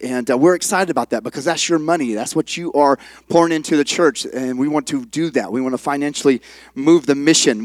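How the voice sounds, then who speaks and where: A male pastor giving a sermon in a folksy, halting way, with many fillers and restarts. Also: a little high, a little mellow, dry recording. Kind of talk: sermon with a told joke. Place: church sanctuary.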